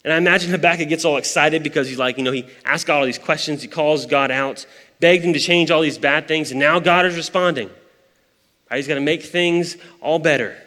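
A man's voice: a little high, a bit bright. A young man preaching a conversational sermon, often checking in with "right?" as he retells a Bible story. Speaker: pastor. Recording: hall reverb.

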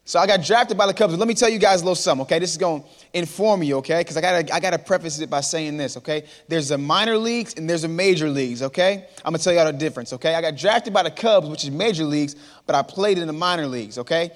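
Man in his thirties, animated speaker working a crowd, fairly high voice, long hall echo. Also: quick pace, hardly any pauses. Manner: lively storyteller, calls out to the crowd. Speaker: motivational speaker. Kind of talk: storytelling talk to a live audience. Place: large hall before an audience.

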